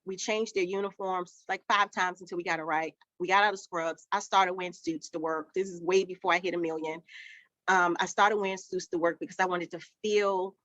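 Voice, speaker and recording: Woman telling a lively business story, dull sound. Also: lowish voice, fairly quick, no echo. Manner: lively storyteller who acts out quoted dialogue. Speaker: childcare business owner, summit guest. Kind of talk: storytelling interview answers.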